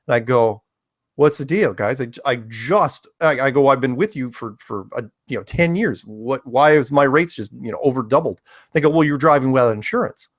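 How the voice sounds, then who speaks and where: A man of middle pitch talks casually as a guest on a call-in style show. He tells long anecdotes in a rambling way, stumbling and repeating words. The sound is dry and close. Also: fairly quick, no room sound. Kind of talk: casual chat.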